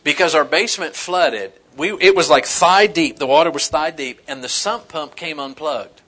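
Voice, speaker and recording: A middle-aged male pastor preaching with a bright, slightly raised voice. He swings between scripture and homespun stories with easy humor and animated emphasis. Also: on the high side, moderate pace. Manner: animated, folksy storytelling with humor. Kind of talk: sermon.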